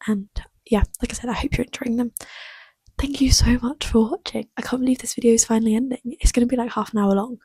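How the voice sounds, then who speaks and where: A young woman chats about her reading in a breathy, husky voice, warm and mellow in tone. She gushes and often slips into a half whisper. The sound is close and dry. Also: on the high side, fairly even intonation, fast talker, dry recording. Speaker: book vlogger. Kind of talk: casual chat.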